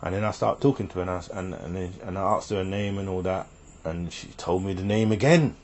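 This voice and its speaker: A man's voice: low-pitched, fast, a little mellow, a little hiss or hum. A man telling a personal story in a rambling, casual way, often repeating himself and quoting what others said.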